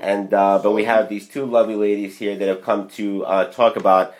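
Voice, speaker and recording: A man hosting a comic mock radio interview, teasing with innuendo and halting fillers. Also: on the low side, level tone. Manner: joking, playful innuendo, hesitant fillers. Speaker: host. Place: indoors in Vermont.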